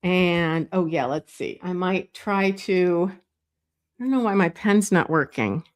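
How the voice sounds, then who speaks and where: A woman walks viewers through a drawing lesson at an unhurried pace. She thinks aloud as she works, with plenty of pauses and fillers. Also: lowish voice, expressive. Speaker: art teacher. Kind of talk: drawing tutorial.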